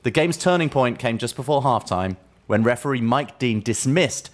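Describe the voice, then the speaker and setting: A man's voice: mid-range voice, animated, moderate pace. A man co-hosting a football podcast, talking in a playful, mock-grand way with frequent asides. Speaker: podcast co-host. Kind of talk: comedic football podcast chat.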